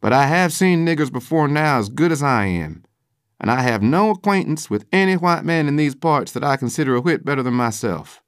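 This is a middle-aged carpenter in a spoken audiobook, grave and deliberate, who presses his point with earnest conviction, as a man voices him. He sits noticeably higher than the reader's own low voice. His tone rises and falls widely, and the sound is dry and close. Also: expressive, dry recording, close to an everyday voice.

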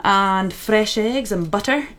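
A young Scottish farm wife. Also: female voice, medium pitch, takes it slowly, fairly bright tone. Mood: homely. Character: young farm wife, warm and eager to please.

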